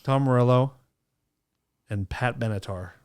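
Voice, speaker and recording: A woman's voice: rumbling low, a little slow, darkish tone, clear, resonant tone. A woman hosting a podcast in loose casual chat, teasing and swearing freely. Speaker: podcast host.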